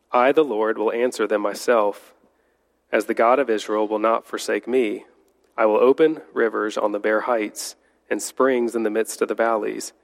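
Male Bible teacher, unhurried, fairly low voice, long reverb of a big room. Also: creaky. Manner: unhurried, stops to correct slips while reading. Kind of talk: Bible study teaching, reading scripture aloud.

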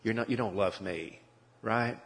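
A man's voice: fairly low pitch, unhurried, a bit bright. A man preaching a sermon, earnest and pleading, often repeating his words. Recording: long hall reverb.

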